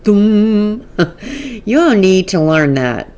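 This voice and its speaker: Sarcastic lady vlogger ranting about online drama, talks real slow, laughs a lot. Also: on the low side, animated, darkish tone. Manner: sarcastic, exasperated, laughs often. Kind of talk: casual commentary vlog.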